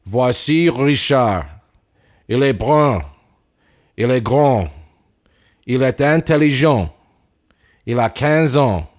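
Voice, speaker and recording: A man voicing a solemn older man reciting slow, formal drills on an old language tape. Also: mid-range voice, darkish tone.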